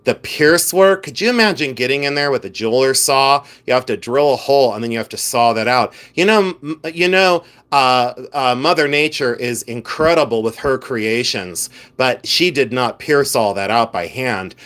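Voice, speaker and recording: A man's voice: mid-range voice, animated, normal speed, hardly any pauses, a bit bright. A man hosting a live stream, chatting casually and playfully with viewers, teasing and laughing often. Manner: chatty and effusive.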